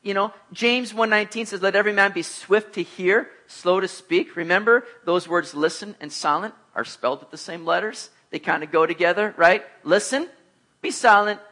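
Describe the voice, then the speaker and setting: A middle-aged man preaching a sermon, telling lively personal stories and acting out the voices of the people in them. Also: sits high, normal speed. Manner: animated storyteller, acts out voices, laughs at himself. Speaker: pastor.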